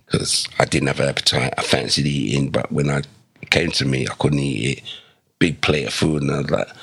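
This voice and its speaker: A man in his sixties with an extremely deep, gravelly, husky voice. He talks in a relaxed, conversational way as a podcast guest. He acts out the lines of the people in his stories. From England. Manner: animated, acts out dialogue with quoted voices. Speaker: podcast guest, former footballer. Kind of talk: conversational storytelling.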